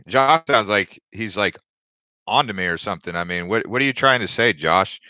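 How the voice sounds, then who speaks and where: A man's voice: lowish voice, normal speed, bright, forceful tone, no room sound. A young man hosting a casual livestream, rambling through stories and viewer comments with lots of restarts. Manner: rambling, chatty, with many restarts and fillers. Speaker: crypto livestream host.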